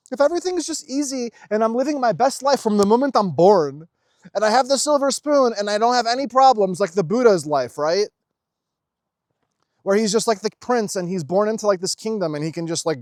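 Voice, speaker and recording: Young man, spiritual talk, emphatic and profane, fairly high voice, dry close sound. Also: darkish tone, dry recording. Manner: emphatic, swears freely, fast-shifting intensity. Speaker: spiritual video host. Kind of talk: casual spiritual monologue.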